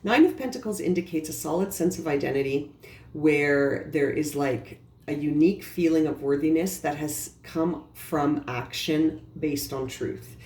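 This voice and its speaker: A woman reads tarot cards in a casual, earnest way, talking straight to the listener and reassuring them. Her voice is mellow and soft-edged. The recording sounds roomy, with a faint hiss underneath. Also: deep voice, measured pace. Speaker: tarot reader. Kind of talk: casual tarot reading to camera. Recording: roomy echo with faint background noise.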